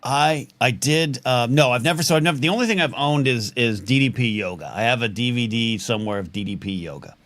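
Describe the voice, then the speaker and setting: A man's voice: medium pitch, animated, fairly quick, few pauses, fairly bright tone, dry recording. A man in his forties hosting a live talk show, rambling and self-deprecating in casual banter.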